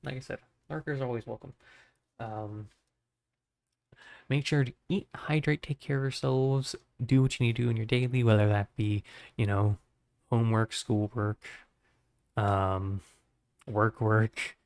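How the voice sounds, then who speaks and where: A man's voice: mid-range voice, steady tone, unhurried, gravelly, pauses often, a little mellow, no echo. A man streaming his art session, chatting loosely with lots of fillers and signing off to viewers, his voice strained and tired. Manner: rambling, filler-heavy, friendly. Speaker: art livestreamer. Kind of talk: casual stream sign-off chat.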